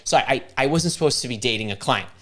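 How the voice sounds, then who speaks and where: A man's voice: mid-range voice, expressive, fast talker, pushed and bright. A man in his fifties hosting a live stream, telling a long personal story with lots of restarts and repeated words. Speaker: host.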